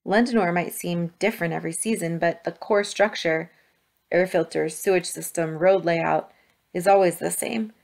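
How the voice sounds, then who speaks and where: A woman reading a storybook aloud with steady, expressive narration. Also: on the low side, moderate pace, gravelly.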